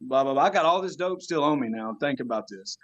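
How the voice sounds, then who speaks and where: A man's voice: mid-range voice, animated, fast, fairly bright tone, dull audio. A man, a podcast guest telling a story in casual slang, laughing as he goes.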